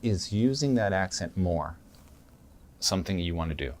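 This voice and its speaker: Deep-voiced joking podcast host, man. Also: animated, normal speed, darkish tone, no echo. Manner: playful, jokes and laughs along. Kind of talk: casual podcast interview.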